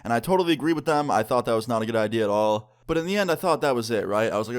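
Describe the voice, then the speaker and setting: Young guy vlogging, rambly storytime, says like a lot, mid pitch. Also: very fast, few pauses, smooth. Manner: animated, rambling, heavy use of "like". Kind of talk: casual storytelling.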